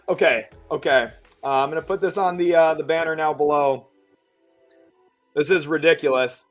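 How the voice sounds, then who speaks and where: A young man hosting a casual sports livestream, laughing nervously as he reads donations out loud. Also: fairly high pitch, moderate pace, pauses often, soft background music. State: nervous, excited. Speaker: livestream host.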